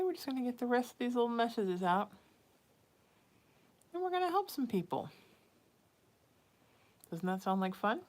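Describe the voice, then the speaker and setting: A woman psychic hosting a casual livestream from home. She chats with viewers and coos sing-song baby talk to her cat. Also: medium pitch.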